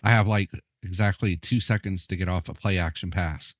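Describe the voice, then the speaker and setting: A man's voice: deep voice, steady tone, a little fast, no room sound, studio quality. A young man chatting casually while playing a football video game, laid-back, profane and often laughing. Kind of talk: casual gameplay chat.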